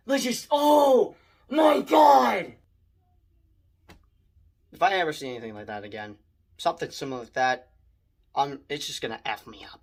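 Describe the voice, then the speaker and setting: Young guy doing a casual movie review vlog, rambly and excitable, keeps restarting his sentences. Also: medium pitch. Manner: rambling, excitable, many restarts and mild swearing.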